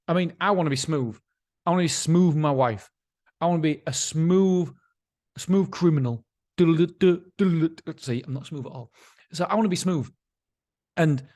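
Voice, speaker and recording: A man's voice: fairly high pitch, a little mellow. A middle-aged man hosts his own podcast in a casual, rambling, self-mocking monologue, laughing often. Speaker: podcast host.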